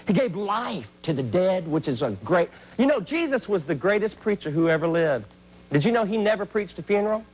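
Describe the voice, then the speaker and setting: High-voiced, animated male comic storyteller. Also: rough recording. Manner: animated, hyperactive storyteller with sudden loud outbursts. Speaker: Christian comedian and singer.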